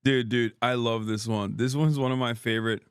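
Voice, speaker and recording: Sarcastic male streamer, smooth dry voice. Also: mid-range voice, fairly even intonation, moderate pace, dry recording. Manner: sarcastic, mocking, laughs often. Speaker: streamer host. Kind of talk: livestream reaction commentary.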